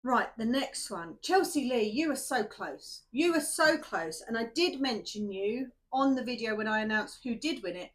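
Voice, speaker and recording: A woman, tired and shaky after night shifts, chatting casually and rambling to viewers before a tarot reading, laughing at herself. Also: a little high. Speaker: tarot reader.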